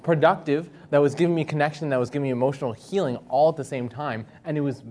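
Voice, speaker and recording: A man's voice: a little high, quick pace. A young man and dancer telling personal stories in a casual talk, tagging sentences with "right?" and acting out the people he quotes in a raised voice. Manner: animated storytelling, tags "right?", acts out quoted people in a raised voice. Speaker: dancer and speaker.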